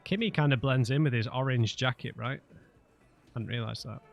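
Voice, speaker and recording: Gravelly-voiced casual gamer. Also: male voice, medium pitch, moderate pace, soft background music. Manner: chatty, joking, reads dialogue aloud. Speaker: let's play host. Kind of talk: casual gameplay commentary.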